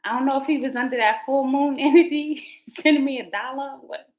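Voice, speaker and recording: Casual woman livestream host, animated, laughing, talks straight to chat. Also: high-pitched, a little fast, poor audio. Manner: chatty, laughing, animated asides to viewers. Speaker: livestream host, tarot reader.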